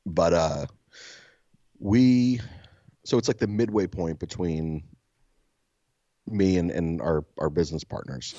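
Slow and low-voiced, with long pauses, a male podcast co-host tells a story in casual, profane talk, acting out the quotes with animation. The recording is dry and the highs are cut off.

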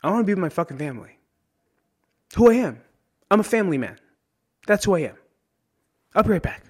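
Man, podcast host, from New Jersey, slightly high pitch, candid, emotional, swears a lot, keeps asking "right?". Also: big pitch swings, brisk, husky. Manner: ends points with "right?". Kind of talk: solo reflective monologue.

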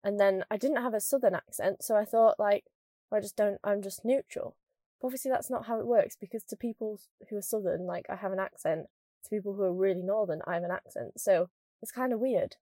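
Podcast host: young northern English woman, mild accent, quick rambling chat, very dry close sound. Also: mid-range voice, dark tone, no room sound. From northern England. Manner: fast rambling, lots of "like". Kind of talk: casual chatty monologue.

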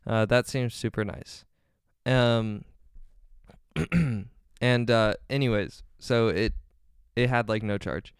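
A man's voice: medium pitch, takes it slowly, pauses often, smooth, dry recording, clean studio sound. A young man hosting his own podcast, chatting casually and rambling off on side stories with lots of ums. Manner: rambling, easily sidetracked, frequent ums. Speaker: podcast host. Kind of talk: casual solo podcast chat.

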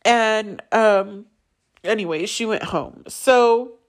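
A young woman, a mother, telling her own painful story candidly, halting often with fillers and restarts. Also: mid-range voice. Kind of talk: emotional personal storytelling.

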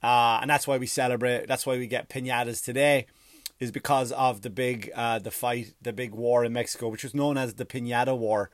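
A man from Ireland, telling a rambling, profane mock history with deadpan jokes and silly put-on voices. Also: medium pitch, a little fast, no room sound, clean studio sound. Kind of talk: comedic storytelling monologue.

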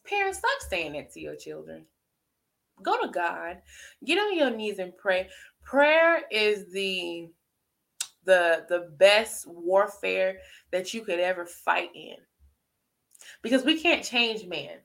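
Lively, bright-voiced woman preaching. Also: unhurried. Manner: emphatic call-and-response asking "right?"; swoops high for emphasis, drops soft. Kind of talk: sermon.

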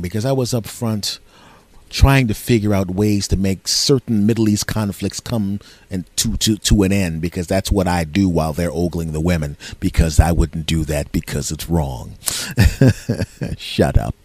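A male podcast host telling a comic story in a sarcastic, animated way, often breaking into loud, high impressions of his friends. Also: normal speed, dry recording.

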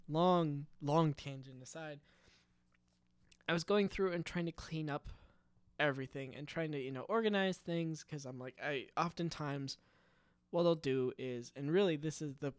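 A man's voice: a little high, clean tone, no echo. A man rambling through a casual solo podcast at his home computer desk, wandering off on tangents, interrupting himself and giggling at his own stories. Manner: meandering, self-interrupting, giggly. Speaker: podcast host. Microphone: studio microphone.

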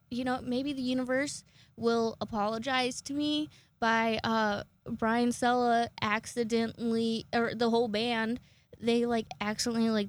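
A woman in her twenties chatting casually to her viewers, rambling and self-mocking, swearing often and jumping into high-pitched acted quotes. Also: no echo. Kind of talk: casual chat to camera.

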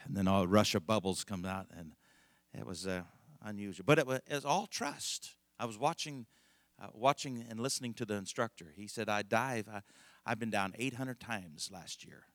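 A man's voice: fairly low pitch, moderate pace, no echo, studio quality. A middle-aged male pastor telling a rambling, folksy story in a conversational sermon, laughing often.

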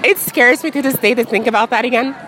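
A woman in her thirties speaking frankly in a casual street interview, full of "like" and quick laughs. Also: a little high. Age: 30s. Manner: frank, chatty, peppered with "like" and laughs. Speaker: interview guest. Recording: crowd noise outdoors.

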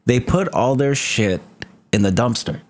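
A man's voice: medium pitch, unhurried, a little mellow. A young man co-hosting a podcast in casual chat, telling a long rambling story full of swearing. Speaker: podcast co-host.

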